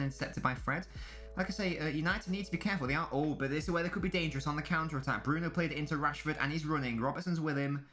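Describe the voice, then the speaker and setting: A man's voice: medium pitch, fairly bright tone. Guy on a stream, chatting with chat over the football, music faintly underneath. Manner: casual banter with chat, swearing. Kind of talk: live match watchalong commentary.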